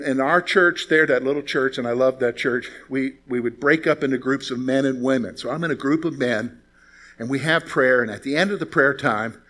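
Male pastor, slightly high voice, conversational sermon full of rhetorical questions and anecdotes. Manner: conversational preaching with rhetorical questions, lively storytelling.

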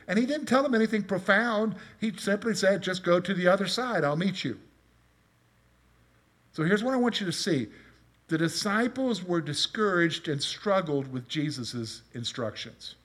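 A man's voice: high-pitched, expressive, moderate pace, fairly bright tone. A middle-aged man preaching a conversational sermon, asking his congregation questions and telling personal stories. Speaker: pastor.

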